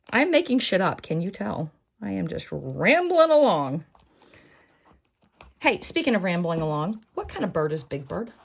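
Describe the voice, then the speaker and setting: A very animated woman with a medium-pitched voice and some vocal fry talks at a moderate pace. While sewing on camera, she chats loosely, mocking herself and dropping playful asides throughout this casual tutorial.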